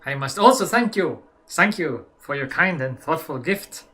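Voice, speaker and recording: A man's voice: on the high side, animated, normal speed, sharp tone. A man voicing a formal, weary German male head doctor in a mock German accent that drifts toward French, reading a letter in a theatrical way.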